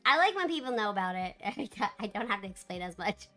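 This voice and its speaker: Bright, chatty woman streamer. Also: medium pitch, moderate pace, soft background music. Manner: chatty, animated, with frequent laughs. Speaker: live streamer. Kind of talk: casual live-stream chat with viewers.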